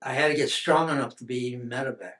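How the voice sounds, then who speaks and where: An older American man talks through his war memories in an oral history interview. His pitch sits in the middle range, and he rambles, circling back and restarting thoughts as he goes. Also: a little fast, a bit bright. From United States. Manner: rambling storytelling with many restarts and fillers. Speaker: veteran interviewee.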